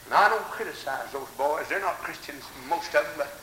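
A man preaching a fiery revival sermon. He moves from hushed storytelling to shouted exclamations. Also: on the high side, lively intonation, brisk. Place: church hall. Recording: echoey hall with faint tape hiss.

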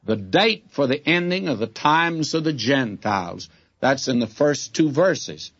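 A man's voice: mid-range voice, expressive, unhurried, a bit bright, dull audio. A man teaching the Bible in a sermon, talking earnestly and folksy straight to his listeners.

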